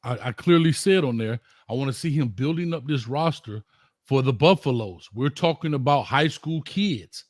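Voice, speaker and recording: A man co-hosting a heated sports debate, interrupting and pressing his points, at times shouting. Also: mid-range voice, animated, moderate pace, no echo, clean studio sound. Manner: argumentative, interrupting, rising to shouts. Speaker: co-host.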